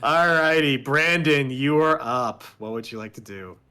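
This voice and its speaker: A man's voice: medium pitch, measured pace, bright, forceful tone, clear, resonant tone. A man running a tabletop game as game master, playful and encouraging, laughing often as he narrates.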